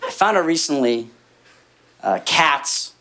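A man telling a stand-up story in a halting, deadpan way, full of pauses and fillers. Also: on the high side, slight background noise. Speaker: comedian.

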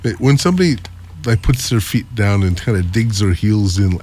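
A man interviewing a guest in a casual talk, speaking in a hesitant, measured way. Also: on the low side, expressive, a little mellow, slight background noise.

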